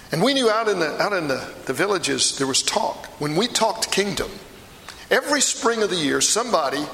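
Passionate middle-aged fisherman apostle Peter, played by a man in a sermon, bright edge, long hall reverb. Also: a little high, vocal fry, slight background noise, heavily acted. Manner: storytelling, emphatic, confiding asides. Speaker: preacher performing a first-person monologue. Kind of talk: dramatic monologue sermon.

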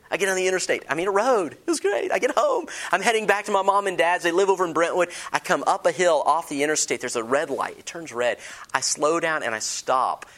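A man preaching a sermon to a congregation, swinging between booming declarations and hushed near-whispers, with humorous personal stories and questions to the listeners. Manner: dramatic shifts from loud to hushed, storytelling with humor. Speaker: pastor.

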